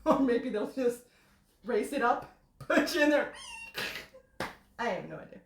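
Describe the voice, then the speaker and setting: A woman's voice: a little high, sing-song, a little slow, gravelly, a little hiss or hum. A woman hosting a casual live stream from her kitchen, rambling and laughing as she chats. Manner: rambling, laughing often, restarts. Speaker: stream host. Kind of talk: casual chat. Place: home kitchen. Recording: echoey room.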